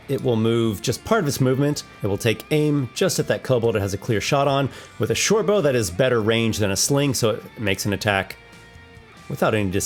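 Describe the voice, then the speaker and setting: A man hosting a tabletop monster battle, narrating with enthusiasm and thinking aloud over the dice rolls. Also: medium pitch. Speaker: host running a monster battle. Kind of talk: narrating a tabletop combat simulation.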